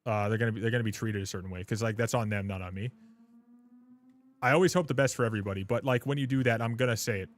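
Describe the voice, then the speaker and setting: A man's voice: lowish voice, rapid-fire. Rambling, profane male livestreamer. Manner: rambling, profane, joking with chat; frequent filler words and restarts. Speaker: gaming livestreamer. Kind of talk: casual livestream chat while gaming.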